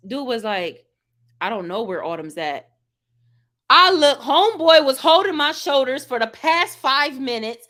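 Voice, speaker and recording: A woman vlogger telling a funny story in casual chat, animated and laughing, acting out quotes with big jumps in her voice. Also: sits high, normal speed.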